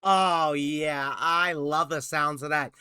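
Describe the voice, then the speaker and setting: A man's voice: fairly high pitch, fairly even intonation, takes it slowly, sharp tone, smooth, dry recording, clean studio sound. A man hosting a podcast in casual chat, upbeat and steering questions to his co-hosts. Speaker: podcast host.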